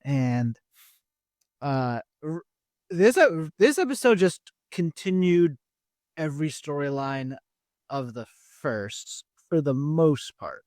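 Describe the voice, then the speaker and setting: A man co-hosting a podcast, recapping episodes in a measured, slightly hesitant way with frequent pauses. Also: on the high side, animated, darkish tone, dry recording, studio quality. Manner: measured, hesitant, many "uh" fillers. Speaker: podcast co-host. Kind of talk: casual chat, recapping episodes.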